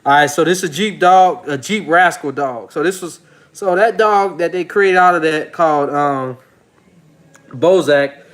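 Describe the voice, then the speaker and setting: A man hosting a dog-breeding video channel, speaking in a loose, slangy, rambling way. His voice sits a little higher than most men's. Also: unhurried, a bit bright. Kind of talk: casual vlog commentary.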